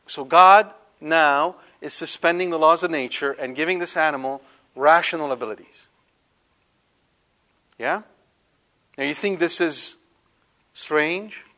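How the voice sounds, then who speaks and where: A man teaching a Catholic Bible lesson in an animated way, full of rhetorical questions. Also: on the high side. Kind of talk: Bible study lecture.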